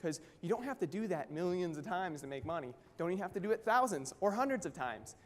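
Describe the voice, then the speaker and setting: A man giving an energetic motivational talk at a company event, constantly firing questions at the audience. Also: sits high, quick pace. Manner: energetic, keeps quizzing the audience. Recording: long hall reverb.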